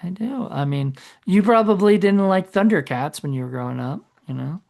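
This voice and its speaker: A man's voice: high-pitched, expressive, normal speed, vocal fry, a little mellow. A man co-hosting a podcast in casual chat, rambling and correcting himself as he goes. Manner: rambling, self-correcting, trails off. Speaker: podcast co-host.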